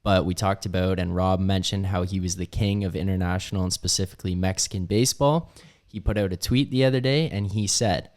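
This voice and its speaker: A man with a fairly low voice, producing a sports betting podcast. He chats plainly, introduces the next segment and adds comments to the hosts' talk. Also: steady tone, brisk, darkish tone. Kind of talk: casual chat.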